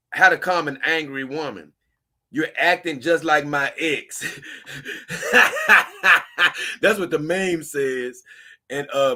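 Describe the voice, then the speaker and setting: A man's voice: fairly high pitch, sharp tone. A man, hosting a casual show, rambling and chuckling as he reads posts aloud to his viewers. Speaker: host.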